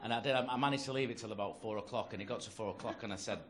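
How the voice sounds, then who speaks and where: A man's voice: fairly low pitch, racing, a crowd in the background. A man with a Northern English accent doing a stand-up routine on a comedy club stage, telling sweary, conversational stories into a handheld mic. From North-West England. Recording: noisy live club recording. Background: audience laughter.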